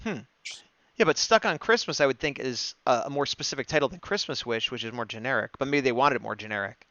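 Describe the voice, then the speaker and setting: A man co-hosting a fan discussion show, excitedly rambling through an episode recap and acting out quoted lines. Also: mid-range voice, fast, no echo. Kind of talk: casual recap chat, livestream. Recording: dull, dry, lo-fi stream mic.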